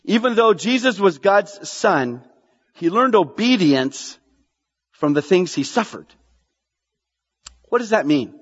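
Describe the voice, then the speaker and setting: In a sermon, a male pastor speaks slowly and pauses often, his high, lively voice carrying a breathy edge and swinging widely as he presses questions on the congregation. He animatedly repeats lines for emphasis, and the dull, lo-fi sound carries a long reverb trailing off the church walls.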